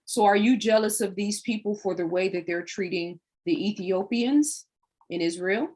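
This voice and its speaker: A woman's voice: medium pitch, moderate pace, darkish tone. A woman hosting a livestream, delivering a preachy monologue full of rhetorical questions. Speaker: livestream host.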